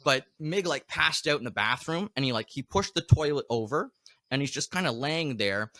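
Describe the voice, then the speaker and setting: Male podcast host, lively storyteller, bright dry sound. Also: mid-range voice, normal speed, no room sound. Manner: animated storyteller, exaggerated complaints. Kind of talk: casual chat.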